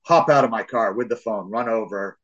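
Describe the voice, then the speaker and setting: A man hosting a casual sports podcast, telling an animated story full of swearing. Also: fairly low pitch, fairly quick, highs cut off. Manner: animated storytelling, acts out shouts and voices of family; swears freely. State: hard of hearing. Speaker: podcast host.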